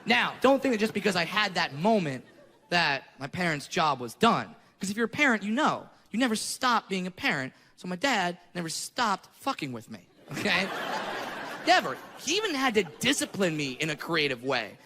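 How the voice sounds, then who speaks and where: A man performing a stand-up set who shouts his punchlines. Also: high-pitched, very animated, normal speed, in a large hall, slight background noise. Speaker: stand-up comedian. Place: comedy club stage.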